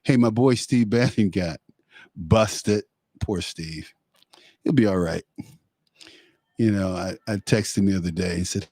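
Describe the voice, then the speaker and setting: A man's voice: fairly low pitch, measured pace, long pauses, a little mellow, no echo, studio quality. A man hosting a political talk show, talking casually, laughing often and mocking as he goes.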